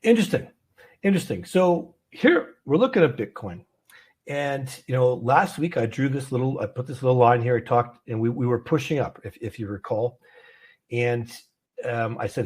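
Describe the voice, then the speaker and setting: With a medium-pitched, darkish, slightly rough voice and lively intonation, a Canadian man hosts a live trading show from his office at a normal speed. He chats and rambles casually, dropping lots of fillers and laughing easily.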